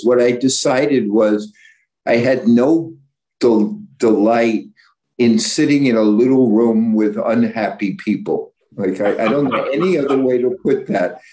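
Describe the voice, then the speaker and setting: A man's voice: mid-range voice, mellow. A man who is a psychologist, giving a candid, blunt informal lecture with frequent stumbles and self-corrections. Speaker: psychologist and guest speaker.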